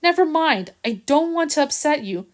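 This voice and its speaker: A woman's voice: high voice, animated, normal speed, voice pushed up. Woman voicing a nervous, evasive kennel owner. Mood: soothing. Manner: soothing but evasive. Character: nervous, evasive man who runs a kennel. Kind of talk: audiobook reading.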